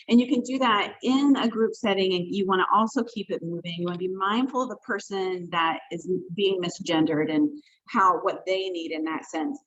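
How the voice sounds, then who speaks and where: A woman trainer leading a workshop over a video call, talking in a conversational, emphatic way with quick self-corrections. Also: medium pitch, fairly bright tone. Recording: dull lo-fi video call audio.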